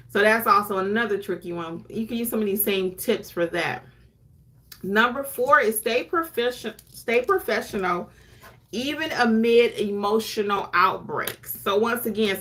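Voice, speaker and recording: A woman's voice: medium pitch, bright, forceful tone. A woman notary educator talking casually to camera, chatty and conversational. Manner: chatty, conversational, acts out clients' lines. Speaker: notary educator and YouTube host. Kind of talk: casual teaching talk to camera.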